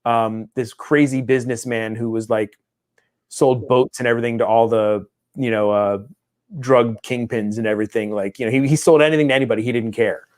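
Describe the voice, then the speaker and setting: A man co-hosting a casual chat show, mid-pitched and conversational. He tells a long, winding story full of restarts and briefly acts out the people in it. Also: fairly even intonation, a little fast. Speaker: podcast co-host.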